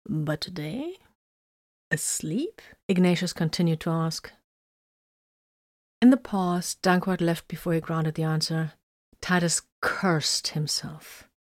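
Low-pitched woman narrator, steady and measured, dry close recording. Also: no echo. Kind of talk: audiobook narration.

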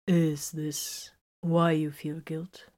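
A woman voicing a kind, earnest male captain who speaks formally, softly and slowly. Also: sits low, flat delivery. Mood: gentle. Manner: soft-spoken and slow.

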